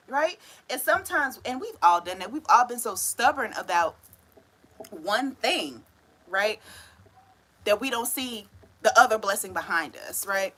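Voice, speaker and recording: A woman's voice: medium pitch, expressive, normal speed, pushed and bright, poor audio. A woman giving a casual tarot reading, talking in a chatty, slangy way full of "right?" tag questions and frequent laughs. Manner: laughs often while telling stories. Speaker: tarot reader.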